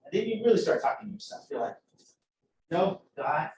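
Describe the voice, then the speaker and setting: Male chemistry lecturer, swears freely, lively storyteller, mic far off in an echoey classroom. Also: high-pitched, racing, gravelly, noisy background. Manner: profane, animated storyteller. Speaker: chemistry instructor.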